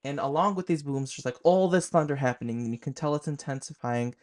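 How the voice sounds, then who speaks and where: A young man tells a creepy personal story to his vlog audience. His voice sits at an ordinary middle pitch, and he leans into the drama. He talks loosely, full of "like" and quick asides. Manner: animated, fillers of "like", dramatic retelling. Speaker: horror storyteller host.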